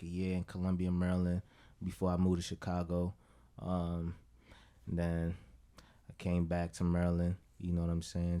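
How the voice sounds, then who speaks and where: A man's voice: low voice, mellow. A man, a guest on a casual podcast, talking in a loose, rambling way and often saying "you know what I'm saying". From Brooklyn, New York. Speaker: guest musician.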